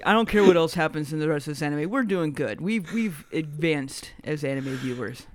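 A man's voice: a little high, lively intonation, fairly quick, dry recording. A man co-hosting a casual anime chat who swears freely, laughs a lot and acts out lines he quotes. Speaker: podcast co-host.

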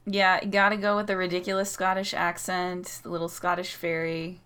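A woman's voice: fairly low pitch, level tone, normal speed, a bit bright, smooth. A woman co-hosting a podcast in casual chat, playful and insistent in her opinions. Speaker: podcast co-host.

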